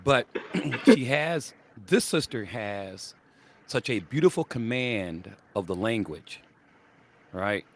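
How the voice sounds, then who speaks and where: An older man co-hosting a casual faith podcast, an animated storyteller who laughs often and acts out what people said. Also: mid-range voice, slow. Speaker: podcast co-host.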